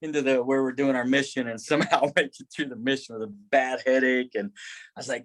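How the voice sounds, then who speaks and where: Animated man telling stories. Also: quick pace. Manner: animated, laughs often, acts out quotes in higher voice. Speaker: podcast guest, former Army Ranger. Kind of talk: casual storytelling.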